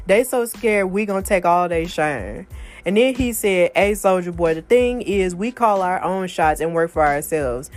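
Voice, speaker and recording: A woman in her thirties hosting a podcast, chatting casually and reading out online posts with exasperated asides. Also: mid-range voice. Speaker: podcast host. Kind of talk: casual chat, reading out social media posts.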